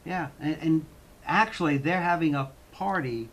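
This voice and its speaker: A man's voice: fairly high pitch, moderate pace, slight background noise. A man who teaches acting, chatting as a guest on a talk show in an easygoing way. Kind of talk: casual interview.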